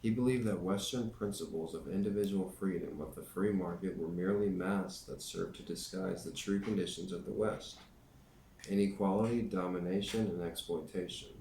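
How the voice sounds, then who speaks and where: A man's voice: low-pitched, normal speed, darkish tone. A man reading a nonfiction book aloud and adding dry joking asides between the passages. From United States. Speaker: reader and teacher. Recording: roomy echo, faint background noise.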